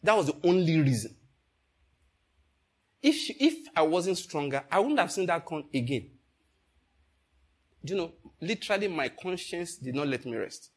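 An older man preaches a sermon in a slightly rough, higher-pitched voice. He tells a story with animation and calls out questions to the congregation.

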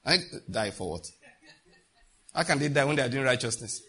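A man's voice: medium pitch, lively intonation, normal speed, pushed and bright, slightly rough. A middle-aged man, preaching a sermon emphatically and asking the congregation rhetorical questions. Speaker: pastor.

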